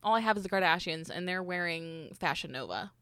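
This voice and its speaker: A woman's voice: lowish voice, animated, a little fast, a bit bright, smooth, no echo. Young female co-host, chatty and giggly, dry close-mic sound. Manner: chatty, laughs often, trails off mid-sentence. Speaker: podcast co-host. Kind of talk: casual book chat.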